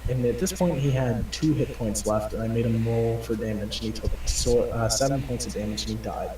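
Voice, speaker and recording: A man's voice: mid-range voice, brisk. Profane rambling man, echoey and far. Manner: profane, rambling, acts out quoted voices. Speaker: player. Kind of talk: crude rambling storytelling. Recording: roomy and distant with clear background noise.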